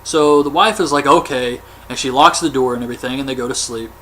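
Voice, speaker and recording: A male movie reviewer with an ordinary mid-pitched voice. He recaps the story in a loose, colloquial way, chatty and offhand. A faint hiss sits under his voice. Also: fast, pushed and bright. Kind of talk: casual film recap.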